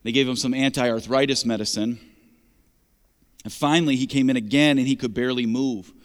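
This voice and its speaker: A man's voice: mid-range voice, steady tone, brisk, long reverb tail. A man preaching a sermon as pastor, emphatic and conversational, asking the congregation rhetorical questions.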